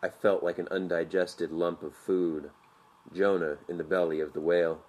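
A man narrating an audiobook in a measured, vivid storytelling manner. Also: low voice, flat delivery, a little mellow.

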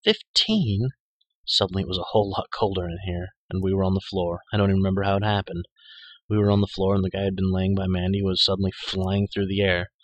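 Deep guy reading a dark fantasy audiobook, forceful tone, dry close sound. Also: monotone, quick pace, no echo, rough recording. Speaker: audiobook narrator. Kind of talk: first-person audiobook narration.

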